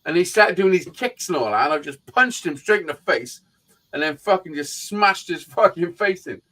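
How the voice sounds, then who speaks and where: Swearing man telling rough street stories. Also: high-pitched, moderate pace, rough recording. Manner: profane, animated storyteller who acts out quotes. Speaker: live stream host. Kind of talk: casual chat, storytelling.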